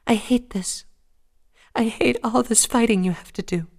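A timid, gentle pegasus mare pleads in a soft, fretful voice pitched far up, put on by a man reading aloud. Her voice is lifted high and strained with worry. It is a storybook reading with a plain close mic. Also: moderate pace, creaky. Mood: worried pleading.

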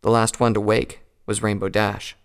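A man reading a pony fan fiction story aloud in a calm, even storytelling voice. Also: fairly low pitch, moderate pace, gravelly, smooth. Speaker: narrator.

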